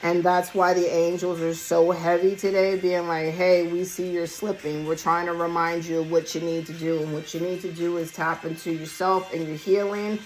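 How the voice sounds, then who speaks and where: Hoarse, blunt woman reading tarot. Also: on the low side, level tone, normal speed, hardly any pauses, soft background music, rough recording. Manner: blunt and emphatic, casual swearing. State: hoarse, losing her voice. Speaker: tarot reader. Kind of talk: casual collective tarot reading. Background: song playing quietly.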